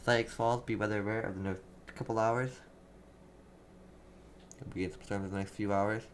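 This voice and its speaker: A young man hosting live storm coverage, reading out town after town and answering chat, halting and repeating himself. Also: lowish voice, steady tone, slight background noise. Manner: rapid town-by-town updates, halting and repetitive. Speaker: livestream weather host.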